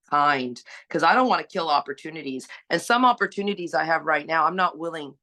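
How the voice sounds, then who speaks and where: A woman's voice: low voice, moderate pace, pushed and bright. A woman sharing her recovery story on a panel, earnest and exhorting, asking rhetorical questions. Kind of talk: personal sharing, preachy.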